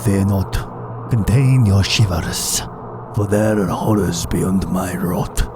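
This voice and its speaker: Man playing a vengeful drowned spirit, deep voice, slow solemn delivery, horror narration, eerie music behind. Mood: grim solemn. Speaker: narrating entity in an analog horror video. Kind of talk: slow dramatic horror monologue.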